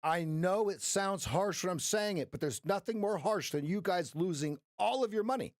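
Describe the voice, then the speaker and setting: A man's voice: high-pitched, expressive, normal speed, dry recording, studio quality. A man coaching traders on a live stream, blunt, passionate and profane. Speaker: trading coach.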